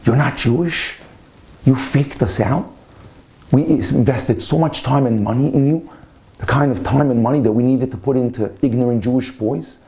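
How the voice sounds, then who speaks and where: A man's voice: mid-range voice, moderate pace, warm tone, close to an everyday voice. A man voicing a stern older rabbi who heads a yeshiva, speaking in an insistent way. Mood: angry.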